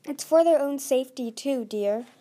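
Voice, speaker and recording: Haughty storybook sea dragon queen, slow and condescending, a bit high, read by a woman. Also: dark tone, a little hiss or hum, lightly acted. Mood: regal.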